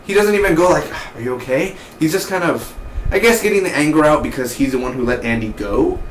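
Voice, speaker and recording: A man giving a casual, excitable spoken TV review, full of slang and mock voices for the characters. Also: on the high side, a little fast, roomy sound, slight background noise, rough recording. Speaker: TV show reviewer.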